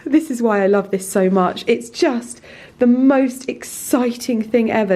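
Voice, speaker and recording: A woman vlogging casually in her garden and greenhouse, gushing and excitable, gasping with delight. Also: fairly high pitch, slow. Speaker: lifestyle vlogger. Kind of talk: casual vlog to camera.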